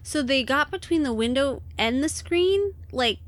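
A woman's voice: high voice, expressive, unhurried. A woman co-hosting a podcast in a casual chat, talking freely and laughing often. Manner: chatty, laughs often, many likes. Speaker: podcast co-host.

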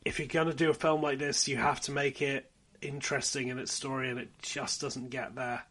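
A man co-hosting a film review podcast, chatting casually with a dry, wry manner and trailing off quietly at the ends of thoughts. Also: mid-range voice, flat delivery, a little fast. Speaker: podcast co-host.

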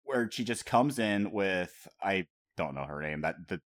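Podcast host, man; low, animated, swears and laughs a lot. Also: unhurried. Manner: animated, profane, laughs often, acts out quotes. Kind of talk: casual chat.

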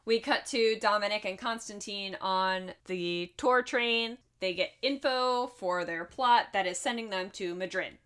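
A woman's voice: mid-range voice, a little slow, hardly any pauses, a bit bright, clear, resonant tone. Sex: woman. Role: podcast co-host. Style: casual chat recapping a film. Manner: chatty and laughing, with asides.

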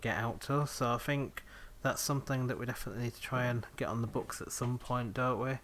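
A man's voice: medium pitch, fairly even intonation, fairly quick, a bit bright, slight background noise. A man, hosting a podcast in casual chat, full of ums and laughs. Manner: chatty, laughs often, many ums. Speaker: podcast host.

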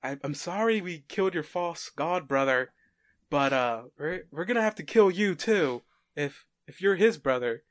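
A man's voice: on the high side, expressive, moderate pace, no room sound, clean studio sound, voice pushed up, close to an everyday voice. A man voicing a cocky, smug masked male warrior who talks in a breezy, mock-polite way.

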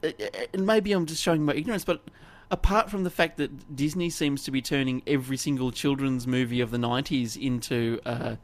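A man's voice: mid-range voice, steady tone, a little fast, hardly any pauses. A man co-hosting a casual chat, rambling with many restarts and laughs. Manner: rambling, self-interrupting, laughs often. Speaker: podcast co-host.

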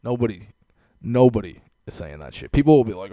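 A man's voice: lowish voice, big pitch swings, fairly quick, mellow, no echo. A young man hosting a podcast, ranting in a casual, sarcastic way, swearing often and laughing at his own lines. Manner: profane, laughing, sarcastic rant. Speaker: podcast host.

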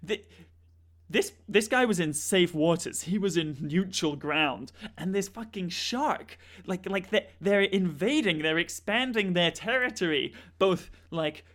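A man co-hosting a comedy podcast, halting with restarts and breaking into mock-alarmed swearing. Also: high voice, lively intonation, fairly bright tone. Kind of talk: deadpan comedy banter.

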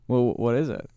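A young man with a bouncy, expressive voice, recorded close and dry. He chats and giggles his way through tangents on a casual podcast. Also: fairly high pitch, slightly rough, no echo. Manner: chatty and giggly, quick to laugh and go off on tangents. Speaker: podcast co-host. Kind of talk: casual comedic chat.

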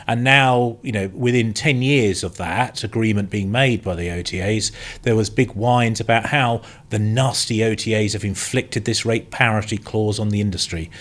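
A man from the UK on a podcast panel, giving opinionated analysis in a halting way with many restarts. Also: on the low side, a bit bright. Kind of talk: casual panel discussion.

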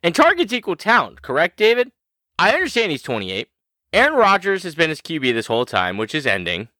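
A man's voice: on the high side, huge pitch swings, brisk, sharp tone, no echo. A man co-hosting a fantasy football podcast, boasting and trash-talking in playful banter. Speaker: podcast co-host.

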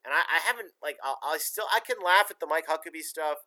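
A man's voice: on the high side, expressive, fast, pushed and bright. A man hosting a casual talk show, giving emphatic, rambling opinions.

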